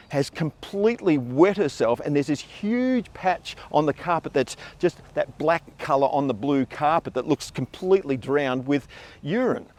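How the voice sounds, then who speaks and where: A middle-aged man telling a funny personal anecdote in a casual, animated way. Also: fairly high pitch. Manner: animated, acts out voices in his tale. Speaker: storyteller.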